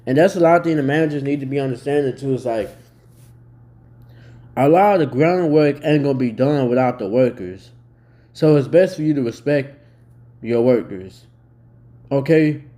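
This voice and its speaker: A man's voice: mid-range voice, normal speed, long pauses, dark tone. A man in his twenties giving blunt, heavily profane casual commentary as a vlogger. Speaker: vlogger reacting to a news story.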